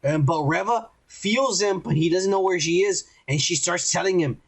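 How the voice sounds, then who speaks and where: A man's voice: high voice, normal speed, hardly any pauses, rough recording. A man co-hosting a casual podcast, griping and swearing as he retells scenes. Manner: animated, swears a lot, acts out scenes in quoted voices. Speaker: podcast co-host. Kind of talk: casual profane review chat.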